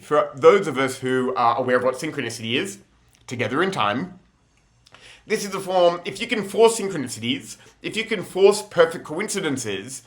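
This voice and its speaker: A man's voice: mid-range voice, a bit bright. A young man telling rambling, laughing, slangy stories in a casual monologue. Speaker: vlogger.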